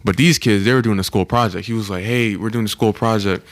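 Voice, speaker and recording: A man's voice: lowish voice, fast. A young man co-hosting a podcast, telling a travel story in casual chat and acting out the people in it. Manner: animated storyteller, acts out quoted people in raised voices. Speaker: podcast co-host.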